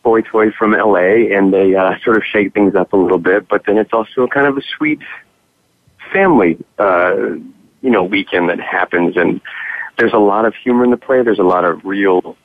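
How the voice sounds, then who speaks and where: A man's voice: on the low side, moderate pace, dry recording. A man being interviewed about his acting work, answering earnestly and at length with many fillers and restarts. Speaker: guest actor. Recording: dry, tinny phone-like line.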